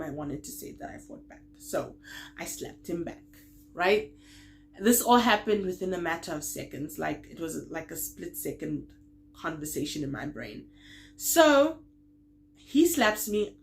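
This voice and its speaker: Young woman vlogger, lowish voice, lively storytime telling, acts out the dialogue. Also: a little slow. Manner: animated storytelling, acting out quoted lines; laughs while telling. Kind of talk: storytime vlog.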